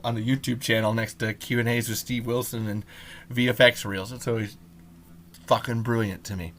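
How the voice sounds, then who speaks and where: Male solo podcaster, mid-pitched, rambling and profane, heavy on fillers. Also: fairly bright tone, slight background noise. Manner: rambling, profane, lots of ums and restarts. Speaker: podcast host.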